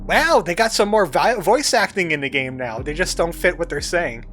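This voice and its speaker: Chatty man with a lively, higher voice. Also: normal speed. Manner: chatty, jokey, reads game dialogue aloud. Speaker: let's play host. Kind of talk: casual gameplay commentary. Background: game music.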